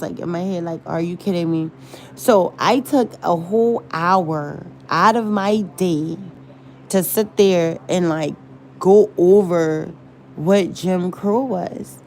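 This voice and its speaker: A woman's voice: medium pitch, a little mellow, a little hiss or hum. A woman rambling and searching for words in a casual livestream chat. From American South. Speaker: livestream host.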